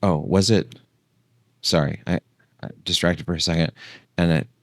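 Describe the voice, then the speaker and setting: A man hosting a casual long-form talk, meandering and thinking out loud, sometimes losing his thread. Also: low-pitched, steady tone, moderate pace, dry recording, studio quality. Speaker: host.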